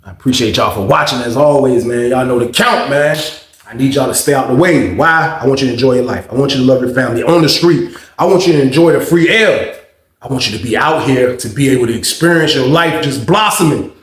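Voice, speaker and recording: A man's voice: mid-range voice, a little fast, roomy sound. A man telling a prison story in loose, profane street talk. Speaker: storytelling host.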